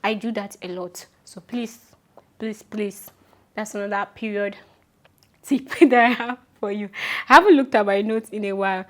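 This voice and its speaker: This young woman, a vlogger with a Nigerian accent, offers casual, emphatic advice to her audience, affectionately calling them "my love" and going over her instructions again and again. Her medium-pitched voice is fairly bright, at a moderate pace.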